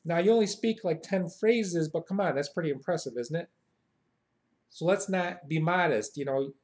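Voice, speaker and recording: A man's voice: on the high side, normal speed. An American man hosting a satirical phrase lesson in a chatty, mock-boastful way. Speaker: satirical video host.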